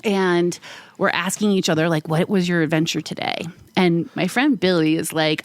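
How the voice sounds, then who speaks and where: A woman co-hosting a podcast, telling a casual story full of "like" fillers and acting out quoted voices with big jumps in pitch. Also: moderate pace, no room sound. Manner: frequent "like" fillers. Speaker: podcast co-host.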